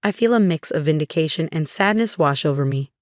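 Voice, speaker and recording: A woman tells a dramatic first-person story in a plain storytelling manner. Her voice sits a little low. The sound is dry and close. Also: lively intonation, brisk, dry recording. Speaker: narrator.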